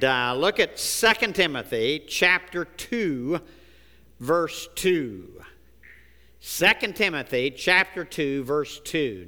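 Male preacher, unhurried folksy sermon, smooth clear voice, church hall reverb. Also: mid-range voice, pushed and bright. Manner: slow, folksy storytelling, deliberate emphasis. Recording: echoey hall.

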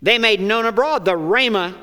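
A man's voice: sits high, normal speed, pushed and bright, smooth. A male pastor preaching a sermon in a church sanctuary. He calls out questions for the congregation to answer and slips in joking asides. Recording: long church hall reverb.

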